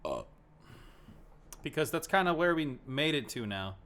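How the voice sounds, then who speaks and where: A young man casually chatting on a live stream from his home setup, gushing and excitable and swearing freely. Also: a little high, unhurried.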